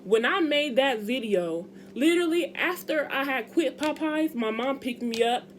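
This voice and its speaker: A woman's voice: high-pitched, lively intonation, measured pace, a little hiss or hum. A young woman, talking casually and emphatically to her viewers in a vlog. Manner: chatty, emphatic, addresses viewers as y'all. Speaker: vlogger. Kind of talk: casual chat to camera.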